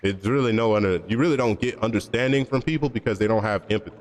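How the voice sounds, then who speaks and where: A man's voice: on the low side, fast. Blunt, rambling man streamer in reverb. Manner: blunt, opinionated, rambling with slang and profanity. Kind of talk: casual stream chat.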